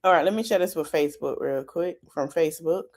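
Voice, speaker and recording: A woman's voice: low voice, fast talker, darkish tone. A woman hosting a casual livestream podcast, chatting straight to her viewers with plenty of asides. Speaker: podcast host.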